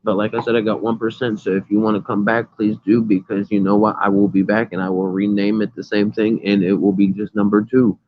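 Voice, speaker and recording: A man's voice: on the low side, flat delivery, a little fast, few pauses, no room sound. A man hosting a casual livestream from his phone, reading chat comments aloud and talking in a rambling, earnest, emphatic way. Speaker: livestream host. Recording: tinny phone audio.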